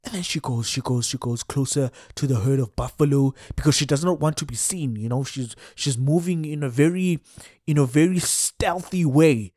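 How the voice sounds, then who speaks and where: A man with a South African accent telling a comic story in an animated way, dropping in Xhosa exclamations. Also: on the high side, normal speed, no echo, clean studio sound.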